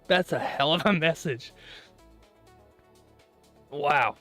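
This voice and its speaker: A young man chatting casually with his viewers while live streaming trades, rambling, laughing often and clearing his throat. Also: a little high, takes it slowly, pushed and bright, soft background music. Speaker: livestreaming futures trader.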